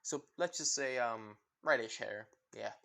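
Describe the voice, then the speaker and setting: A man's voice: medium pitch, measured pace, vocal fry, bright, forceful tone. A man casually retelling a fan story, rambling with lots of fillers and self-corrections.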